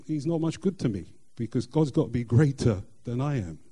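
A middle-aged man, sharing a personal faith testimony in an earnest, halting way with many fillers and restarts. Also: mid-range voice, lively intonation, mellow, breathy edge. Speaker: church member sharing testimony.

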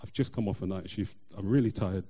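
A middle-aged man tells a faith testimony in a very dark, mellow voice. He speaks earnestly, pausing and restarting often as he goes. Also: deep voice, slightly rough. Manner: earnest, halting with frequent fillers and restarts. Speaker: church member sharing testimony. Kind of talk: personal testimony.

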